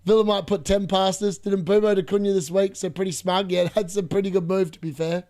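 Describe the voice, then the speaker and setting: With a high, brisk voice, this young streamer calls a football match live for his fantasy football audience. He's excitable, laughs a lot, and keeps talking to his chat.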